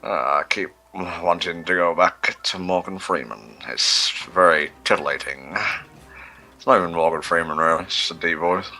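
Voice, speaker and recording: A man's voice: deep voice, normal speed, bright, forceful tone. A man co-hosting a gaming livestream, rambling and self-mocking in casual chat. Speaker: livestream co-host.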